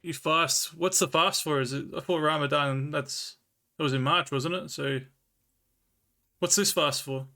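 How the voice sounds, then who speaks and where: Bright laid-back Australian man. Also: fairly high pitch, steady tone. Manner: laid-back, chatty, reads old scripture slowly and carefully. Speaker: livestreamer. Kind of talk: casual chat with live viewers, reading scripture aloud.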